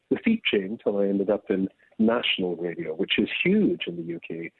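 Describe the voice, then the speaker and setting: A Scottish rabbi giving an interview as a guest, telling stories in an animated way and laughing often. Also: male voice, fairly low pitch, vocal fry, slightly rough, no room sound. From Scotland. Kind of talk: remote interview. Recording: tinny phone-like line.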